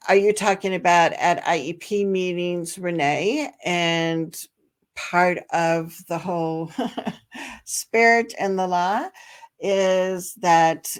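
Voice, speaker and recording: Chatty woman advocate, lower voice. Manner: chatty and practical, frequent fillers and laughs. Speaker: special education advocate and host. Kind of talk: live-streamed advice show, answering viewer comments.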